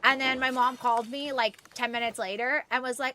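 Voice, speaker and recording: A woman's voice: high-pitched, fairly even intonation, fairly quick, bright, forceful tone, a little hiss or hum. A young woman streaming a game, chatting casually and rambling as she reads chat and thanks viewers by name. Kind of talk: casual live-stream chat while gaming.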